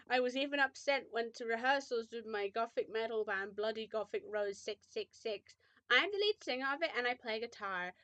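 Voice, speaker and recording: A woman's voice: a little high, a bit bright, dry recording. Woman doing a mock-dramatic reading. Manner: mock-dramatic, breaking off to comment sarcastically. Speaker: reader of a fan fiction.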